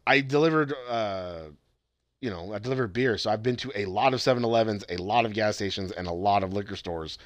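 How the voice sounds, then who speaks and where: A man's voice: on the low side, a little fast, no room sound. A young man chatting casually and profanely, rambling with frequent restarts. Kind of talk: casual chat.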